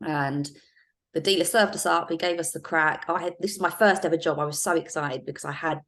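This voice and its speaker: A middle-aged woman in a podcast interview, telling anecdotes in a lively casual way with frequent laughs and fillers. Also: low-pitched, brisk. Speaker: guest, former undercover police officer.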